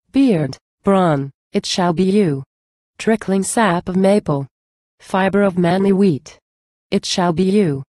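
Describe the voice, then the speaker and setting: A woman giving a measured, declamatory poetry recitation. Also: mid-range voice, warm tone, dry recording. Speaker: reader.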